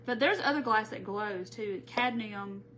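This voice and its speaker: A woman's voice: mid-range voice, a little slow, pushed and bright, a little hiss or hum. A woman hosting a live crafting tutorial, chatting casually and greeting viewers by name as she works. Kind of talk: live-stream crafting chat.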